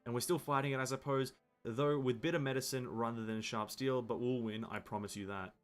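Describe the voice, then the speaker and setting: A weary healer vows to keep fighting with medicine, in plain game dialogue. A man reads the part aloud in his ordinary voice, mid-pitched, with faint music behind. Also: fairly even intonation, brisk, close to an everyday voice. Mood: resolute. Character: weary but determined adult healer.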